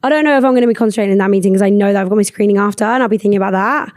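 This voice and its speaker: A young woman hosting a podcast, talking in a rambling, animated way and swearing freely. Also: mid-range voice, racing, no room sound, studio quality. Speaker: podcast host. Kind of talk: casual chat.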